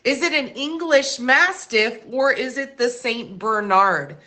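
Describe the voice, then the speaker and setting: Bright, slow-talking woman hosting a trivia stream. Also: fairly high pitch. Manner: chatty, asks quiz questions and reads facts with small slips. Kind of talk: casual live-stream trivia, reading facts aloud.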